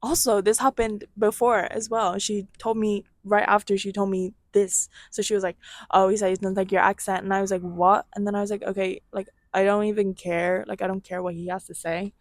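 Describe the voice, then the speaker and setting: A woman's voice: medium pitch, little pitch movement, a little fast, few pauses, no echo, clean studio sound. A young woman co-hosting a podcast, telling a gossipy story in casual chat and acting out what people said. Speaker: podcast co-host.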